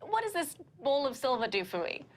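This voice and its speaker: A woman playing in a tabletop game, asking eager, quick questions. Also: sits high, big pitch swings. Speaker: player. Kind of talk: tabletop role-play chat.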